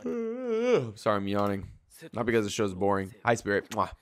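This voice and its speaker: A man's voice: on the low side, flat delivery, fast talker, a little hiss or hum. A young man casually reacting to an anime as he watches, swearing freely and filling his talk with "bro" and "like.". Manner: swears a lot, says bro and like. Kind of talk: casual live reaction commentary.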